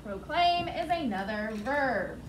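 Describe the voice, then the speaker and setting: Woman teacher, high voice, unhurried vocabulary lesson, echoey classroom. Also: expressive, background noise. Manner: slow, deliberate, spells words out letter by letter. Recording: echoey classroom, mic at a distance.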